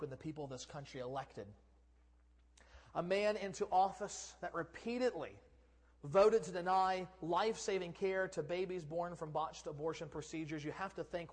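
A male pastor preaching a sermon, acting out quoted speakers and swinging from loud proclamation to a hushed near-whisper. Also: sits high, lively intonation, fairly quick.

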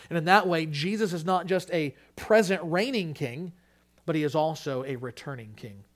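A man's voice: on the high side, a bit bright. A man preaching a sermon, earnest, shifting his emphasis and restarting a few phrases as he goes. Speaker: pastor.

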